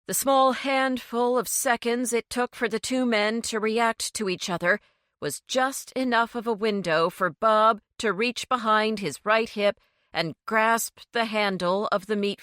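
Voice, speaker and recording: In clean studio sound without echo, a woman at medium pitch reads scripted narration for a cozy mystery audiobook. Her delivery is steady and deliberate, like a practiced storyteller.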